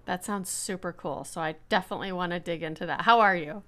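A woman's voice: fairly low pitch, fast talker, pushed and bright, no room sound. A woman hosting a podcast, introducing her guest and interviewing her in an upbeat, enthusiastic way. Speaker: podcast host.

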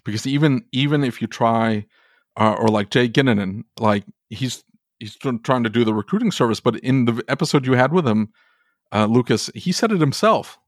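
Heated and exasperated, this podcast co-host swears offhandedly while ranting through a lively discussion. He speaks at medium pitch and normal speed in a dry, studio-quality recording.

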